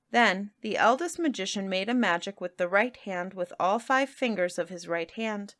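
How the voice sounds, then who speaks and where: A woman podcast host reading children's stories aloud in a measured narration. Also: medium pitch, lively intonation, fairly bright tone. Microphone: close home-studio mic.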